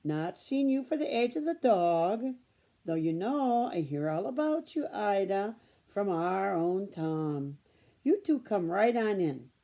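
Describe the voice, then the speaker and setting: A woman's voice: medium pitch, sing-song, slow pace, warm tone, voice pushed up. A woman voicing a plump, welcoming older farm wife with a German accent and homey broken English. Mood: friendly.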